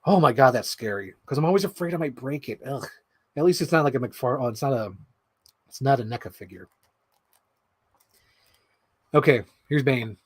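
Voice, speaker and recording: A man chatting casually while building an action figure, rambling and excitable, swearing freely and acting out quotes. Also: medium pitch, normal speed, pauses often, slightly rough, dry recording. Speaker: toy unboxing vlogger.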